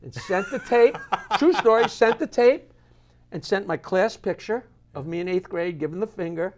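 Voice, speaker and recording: An older man, a comedian, telling stories and jokes as a talk show guest in an animated way. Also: high voice, normal speed. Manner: animated joke teller with big swings. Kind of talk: storytelling in a live talk show.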